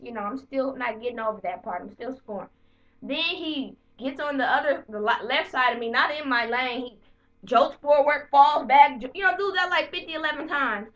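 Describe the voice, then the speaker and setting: A woman vlogger telling the story of her bad day to camera in a heated, profane, animated way. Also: high-pitched, far from the mic, poor audio. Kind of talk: casual storytelling rant to camera.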